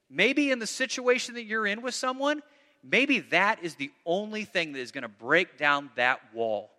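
A man preaching with a bright, ringing voice, somewhat higher than most men. He is earnest, and he swings from loud emphasis down to soft, hushed asides. The sound carries a long reverb from the hall. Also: animated, normal speed. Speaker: pastor. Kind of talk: sermon.

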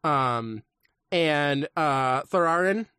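A man's voice: on the high side, expressive, extremely slow, pushed and bright, smooth, no echo, studio quality. Chatty man rambling with lots of ums. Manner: rambling, hesitant, full of ums. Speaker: podcast co-host. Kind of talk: casual chat retelling a saga.

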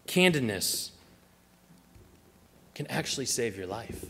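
A male pastor preaching a sermon, his voice carrying a long echo through a large church hall. He tells stories and acts out the quoted voices. His pitch sits in the middle of the male range. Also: lively intonation, normal speed, long pauses, a bit bright.

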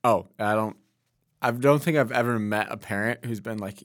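A man's voice: fairly low pitch, normal speed, no echo, studio quality. Easygoing man co-hosting a podcast. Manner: easygoing, laughs along, supportive. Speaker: podcast co-host. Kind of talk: casual chat.

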